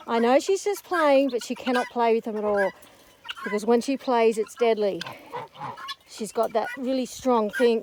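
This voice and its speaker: A breathless woman outdoors on a farm, training her dog with sharp calls and muttered asides to the camera. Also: a little high, animated, moderate pace, background noise. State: breathless after illness. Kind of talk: casual vlog commentary. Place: outdoors on a farm among poultry. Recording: outdoor phone video with loud birds. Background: clucking fowl and geese.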